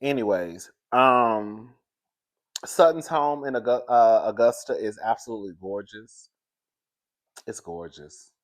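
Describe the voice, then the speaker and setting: A man's voice: fairly low pitch, unhurried. Chatty gossiping man recapping reality TV. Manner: chatty, gossipy and animated, laughs often, says "girl" a lot. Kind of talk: casual chat.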